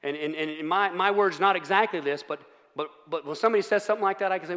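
A man's voice: fairly high pitch, quick pace, hardly any pauses, a bit bright. A man preaching a casual, joking sermon, often asking the room for agreement. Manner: chatty, self-mocking, asks the room for agreement. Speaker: pastor. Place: church sanctuary. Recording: long church hall reverb.

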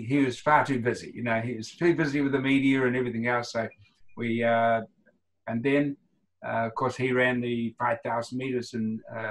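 A retired runner of about seventy from New Zealand, with a New Zealand accent, tells rambling anecdotes as a guest in a casual interview, acting out the quoted lines. His voice is mid-range, and the recording quality is low.

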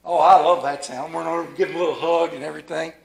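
A man preaching a sermon as a pastor, folksy and playful with a rural Maryland accent, dropping to a hushed, reverent tone. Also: fairly high pitch, steady tone, quick pace, gravelly.

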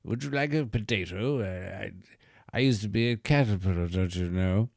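A posh English butterfly with a plummy, slightly slurred voice, as a man puts him on. He talks in a snooty, tipsy way. The sound is low-pitched, dry and close. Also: normal speed, vocal fry, no echo. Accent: posh English (put on).

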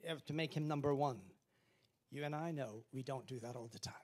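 A man's voice: medium pitch, brisk, a little mellow. A man preaching a sermon as pastor, emphatic and calling on the congregation to repeat after him. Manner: emphatic preaching with call-and-response.

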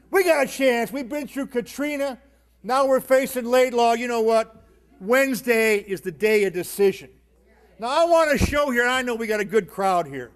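A man, a union leader, giving a fiery rally speech, rousing the crowd with shouted call-and-response. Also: very high voice. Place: organizing rally hall with a crowd. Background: faint crowd.

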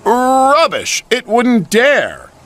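A man's voice: on the high side, very animated, normal speed, husky, voice pushed up. A man voicing a vain, boastful male engine who talks haughtily. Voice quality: haughty, sneering.

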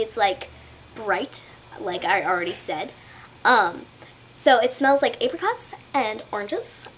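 A woman's voice: a little high, a bit bright, slight background noise. A young woman chatting casually in a haul vlog, giggling and rambling with lots of fillers and asides, speaking from home. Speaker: beauty vlogger. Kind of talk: casual haul video chat.

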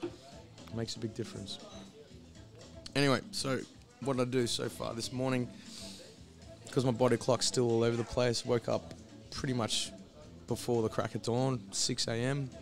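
A man with a husky, gravelly voice chats loosely at an ordinary pitch, sounding hoarse as if his voice is still recovering. He rambles and swears freely, with a guitar playing clearly behind him. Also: flat delivery, normal speed. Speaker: live-streamer. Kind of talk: casual pre-stream chat. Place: hostel.

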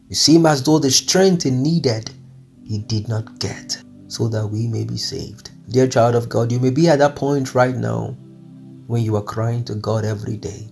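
A man preaching an earnest devotional message with a gravelly, creaky edge to his voice. His pitch sits at an ordinary middle level, and soft music plays behind him. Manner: earnest, pleading, repeats phrases. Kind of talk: devotional sermon over music.

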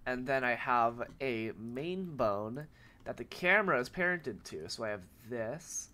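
A man who is sick with a cold, speaking in a nasal voice and giving a rambling, filler-filled software tutorial. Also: medium pitch, lively intonation, a little slow. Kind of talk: casual screen-recorded tutorial.

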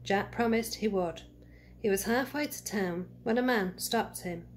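A woman reading a fairy tale aloud to children, gentle and speaking to them directly. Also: mid-range voice, a little slow, slight background noise. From United Kingdom. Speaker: storyteller for children. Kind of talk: read-aloud storytelling.

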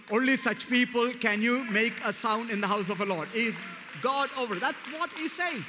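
A man's voice: very high-pitched, expressive, normal speed, pushed and bright, a little hiss or hum. A man preaching a sermon as pastor, speaking emphatically and building to fervent declarations. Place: church hall. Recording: long hall reverb.

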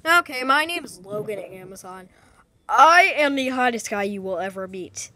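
A young woman voicing a boastful, show-off young male cat in a fan-made toy film, lowering her bright voice to sound like a boy. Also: expressive, normal speed. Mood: cocky. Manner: cocky bragging.

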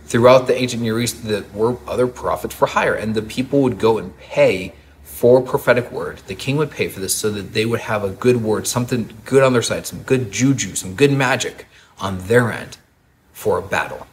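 A man preaching a sermon as a pastor, and told the story in a lively, humorous way. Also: lowish voice, moderate pace, slight background noise.

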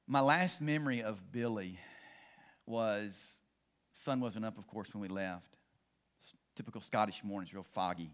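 Preaching and telling stories, this middle-aged male pastor moves between excited and quiet delivery. His pitch is fairly low, his speed normal, and he leaves long pauses.

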